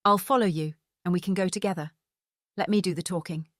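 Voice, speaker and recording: A woman's voice: fairly low pitch, fairly quick, dry recording, studio quality, close to an everyday voice. A woman voicing a stern middle-aged man, a former police detective, who speaks firmly and in clipped sentences. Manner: firm and clipped.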